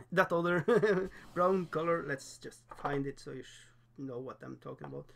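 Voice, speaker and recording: Painting miniatures on a laid-back livestream, a Norwegian man talks in accented English, his second language, with a fairly high, fairly even voice, vocal fry, and a bit of hiss or hum in the audio. He chats freely, makes fun of himself, laughs a lot, and stalls on fillers.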